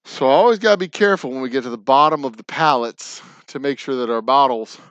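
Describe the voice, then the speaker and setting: A man's voice: medium pitch, quick pace, a bit bright, lo-fi sound, slight background noise. A man with a Texan accent chatting casually and profanely while bottling whiskey on a distillery floor, joking and counting cases aloud. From Texas. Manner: rambling, joking, profane, counts aloud under his breath. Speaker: distiller and livestream host. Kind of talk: casual rambling chat while working.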